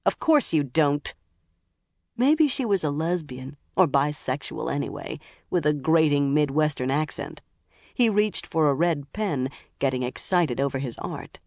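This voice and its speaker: An audiobook narrator reading a crime thriller in an even, measured way. The voice sits at a middle pitch. The recording is dry and close to the mic. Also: creaky, dry recording.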